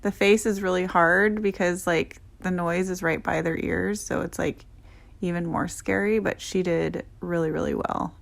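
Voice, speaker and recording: Young woman groomer narrating a video voice-over, low, gravelly, gentle and chatty. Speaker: dog groomer.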